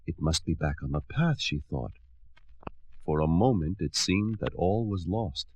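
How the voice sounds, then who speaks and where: Slow low-voiced male storyteller. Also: dry recording, highs cut off. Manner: expressive, dramatic narration. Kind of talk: storybook read-aloud.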